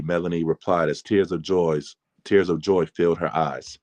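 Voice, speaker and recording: A man, the author, reading aloud from his memoir in a calm, measured way. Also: low-pitched, no echo.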